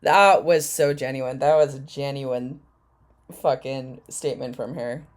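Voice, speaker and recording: A woman with a low voice talks over clips in a mocking, profane way. Her commentary is sarcastic and blunt. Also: steady tone, a little slow. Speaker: commentary YouTuber. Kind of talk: reaction commentary.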